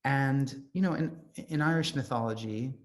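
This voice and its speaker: A man's voice: mid-range voice, normal speed. A man giving an informal literature lecture, talking off the cuff in a conversational way with frequent ums.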